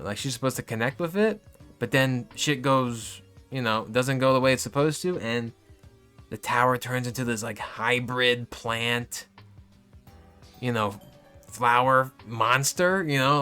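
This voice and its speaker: A young man in casual, rambling game commentary, swearing often and turning loud and exasperated as he vents. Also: medium pitch, smooth. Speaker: video game reviewer.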